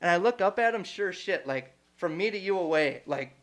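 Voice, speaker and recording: A young man with a slightly high voice tells a story in a casual podcast chat. His talk is loose and full of fillers. He curses freely, and he shouts when he acts out what other people said. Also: a little fast. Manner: animated, swears freely, acts out quotes loudly. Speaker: podcast co-host.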